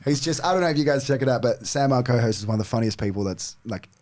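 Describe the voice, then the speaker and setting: An Australian comedian chatting as a podcast guest, animated, cursing freely and laughing between lines. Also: male voice, mid-range voice, quick pace, soft background music. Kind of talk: casual podcast chat.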